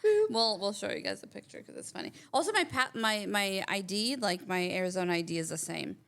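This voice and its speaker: A woman's voice: mid-range voice, lively intonation, fairly quick, gravelly, a bit bright. A woman co-hosting a podcast, telling a story in casual chat, acting out quotes and laughing often. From foreign-born. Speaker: podcast co-host.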